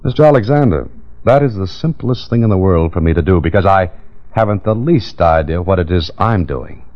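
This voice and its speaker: Dry wisecracking detective, 1940s radio drama, very deep voice, muffled old broadcast. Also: male voice, expressive, brisk. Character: wry male private detective narrator. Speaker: hero and narrator.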